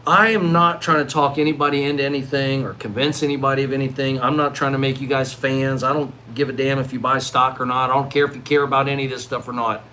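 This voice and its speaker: A middle-aged man vlogging live in a rambling monologue, swinging from loud, excited outbursts to low mutters. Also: quick pace, hardly any pauses, a little hiss or hum, low-quality recording. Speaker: livestreaming vlogger.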